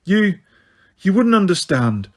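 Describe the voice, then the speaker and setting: Lovesick teen wizard , man reading him, raised and lively, husky edge. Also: high-pitched, takes it slowly, pitched above the performer's own voice, exaggerated voice. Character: lovestruck teenage boy wizard, moody and desperate.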